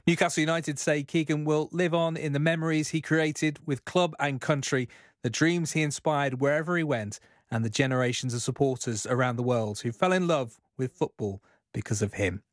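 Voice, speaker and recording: A man presenting a sports news programme, reading a scripted tribute in a measured, sombre way. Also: fairly high pitch, no echo, clean studio sound.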